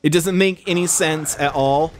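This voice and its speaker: A man's voice: a little high, moderate pace, slight background noise. A man hosting a let's play, rambling through casual gameplay commentary with self-deprecating jokes.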